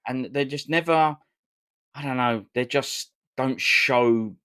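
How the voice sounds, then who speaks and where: A man from London hosting a casual podcast chat, talking in an emphatic, repetitive, animated way. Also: mid-range voice, takes it slowly, clean tone, no room sound, studio quality. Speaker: podcast host.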